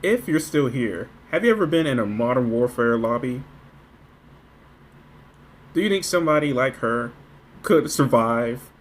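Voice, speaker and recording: A man's voice: mid-range voice, unhurried, long pauses, slight background noise. A man reacting to a video clip with sarcastic, exclamatory commentary. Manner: mocking, exclamatory, animated.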